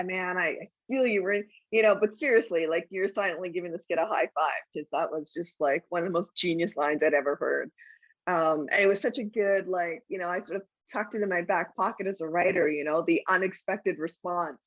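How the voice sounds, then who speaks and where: A woman and guest author in a casual interview chat, telling stories in an animated way and laughing often. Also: mid-range voice, no room sound, dull audio. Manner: animated, laughing anecdotal storytelling.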